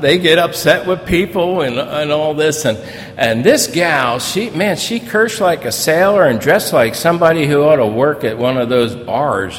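An older man preaching as a pastor, telling personal stories in a folksy, storytelling way that grows animated in places. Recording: reverberant hall with faint rumble.

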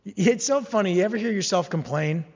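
A man preaching a sermon, animated and humorous, slipping into mock-whining voices as he acts out complaints. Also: sits high, a little fast, long reverb tail, lo-fi sound. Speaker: pastor.

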